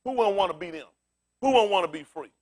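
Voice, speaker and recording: Male pastor, AAVE, very high voice, lively swooping delivery, loud street-preaching style. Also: quick pace. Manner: loud, animated street preaching, laughing asides. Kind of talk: loose preaching to a congregation.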